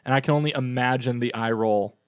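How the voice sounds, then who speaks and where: A man co-hosting a parish podcast in a casual, chatty and upbeat way, with quick asides. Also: medium pitch, clear, resonant tone, dry recording, studio quality. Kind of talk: casual chat.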